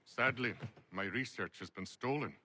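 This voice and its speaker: Courteous colonial gentleman. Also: medium pitch. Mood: measured. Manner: measured, courteous.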